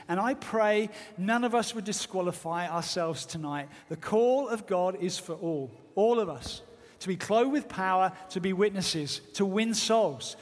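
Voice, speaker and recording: A man's voice: high voice, expressive, unhurried. A man preaching a sermon with fervent, earnest exhortation. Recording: long hall reverb.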